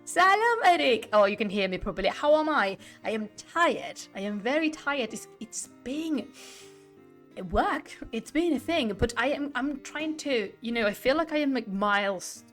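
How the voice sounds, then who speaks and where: A woman's voice: fairly high pitch, expressive, moderate pace, a bit bright. Woman streamer, casual rambling chat with many restarts, a little off-mic, faint music underneath. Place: home room. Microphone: desk mic, sitting away from it.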